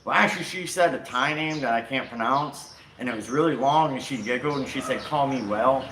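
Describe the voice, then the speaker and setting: A man casually telling a personal travel story, rambling and animated with frequent self-corrections. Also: medium pitch, fairly quick, a little hiss or hum. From United States. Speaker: vlog host. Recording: roomy echo with faint outdoor ambience and birds.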